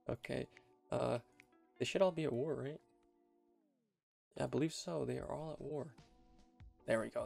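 Gravelly young man narrating gameplay. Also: mid-range voice. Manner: rambling and chatty, repeats and restarts phrases. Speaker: game commentator. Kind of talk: casual let's-play commentary.

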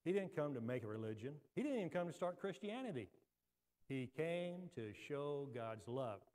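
A male pastor delivering a sermon, moving between loud emphatic preaching and hushed, quiet talk. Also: on the high side, very animated, normal speed, in a large hall. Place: church sanctuary.

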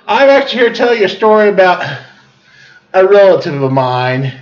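A man's voice: high-pitched, very animated, brisk. A man, rambling through a folksy tall tale and chuckling on tangents. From southern Missouri. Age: 40s. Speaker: storyteller. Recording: dull lo-fi recording.

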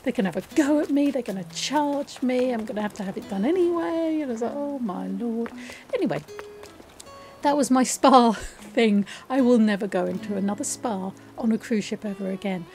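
A woman's voice: on the high side, lively intonation, moderate pace, a little mellow, soft background music. A woman hosting a let's play, telling a story in a chatty, rambling, self-deprecating way. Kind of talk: casual storytelling over gameplay.

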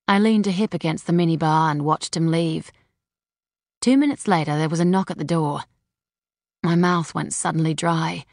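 A woman reading a first-person novel aloud as an audiobook narrator, in a steady, dry storytelling manner. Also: sits low, moderate pace, vocal fry, dry recording.

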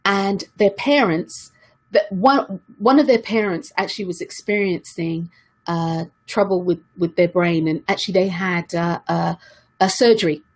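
A woman's voice: on the low side, unhurried. A woman giving an earnest motivational talk to her viewers, repeating key questions for emphasis. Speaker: self-help speaker.

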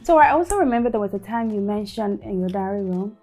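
A woman's voice: medium pitch, expressive, fast, a little mellow, soft background music. A woman interviewer asking probing questions.

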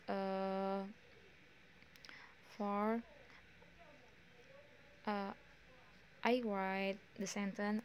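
Young woman, Indonesian accent, very slow, halting, pauses often, faint background hum. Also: mid-range voice. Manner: slow, halting delivery with many pauses and fillers. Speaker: student. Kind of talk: recorded pronunciation exam answers.

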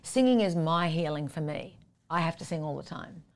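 A husky-voiced woman talks with a singer's earnest conviction. Her voice sits a little low, and she makes her points in short, emphatic phrases. She sounds slightly worn from singing a lot and sleeping little. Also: expressive, moderate pace, a little mellow. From Australia. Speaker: guest singer and vocal teacher. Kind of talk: conversational interview.

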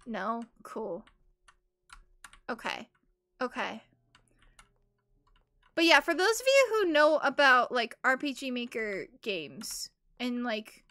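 On a live stream, a young woman talks casually through a game in a high, bright voice. She rambles excitably and keeps breaking into squealing giggles, her tone crisp and upbeat throughout.

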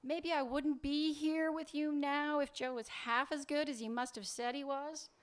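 A biting, sarcastic wife with a high, sharp voice, as a male author reads her lines. She presses hard and mocks, cutting through every dodge in this dialogue from a literary reading. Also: flat delivery, moderate pace. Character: sharp-tongued woman, wife, bitter and sarcastic. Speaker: fiction author reading aloud.

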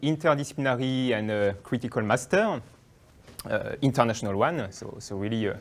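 Expressive and brisk, this mid-range voice belongs to a young French man speaking with a French accent. As a guest lecturer, he delivers an academic talk hesitantly, with many fillers and restarts.

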